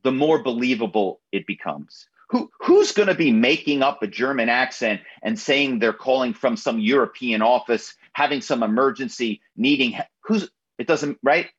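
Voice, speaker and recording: A man talking as an author and guest in a radio interview, often halting and repeating words as he starts. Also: medium pitch, lively intonation, husky, lo-fi sound.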